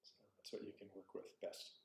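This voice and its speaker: A man giving a dharma talk as a Zen teacher, reflective and searching, often correcting himself aloud. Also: brisk. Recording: roomy echo.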